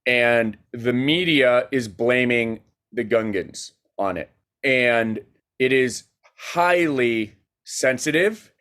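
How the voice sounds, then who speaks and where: A man, a guest filmmaker, telling a story in a casual podcast chat, animated and rapid with many fillers. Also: medium pitch.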